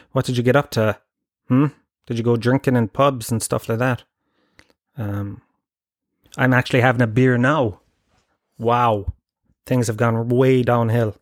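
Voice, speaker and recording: A man talks his way through a comic podcast monologue, rambling and self-mocking with plenty of swearing. His pitch sits in an ordinary middle range. The recording is close and dry, with no room sound around it. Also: no echo. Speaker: podcast host. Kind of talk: comedic casual monologue.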